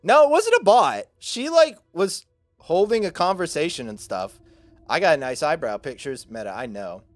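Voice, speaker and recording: A man's voice: fairly high pitch, very animated, moderate pace, dry recording, soft background music. A man in his twenties, a streamer, chatting casually with his viewers and rambling through a self-deprecating story full of fillers.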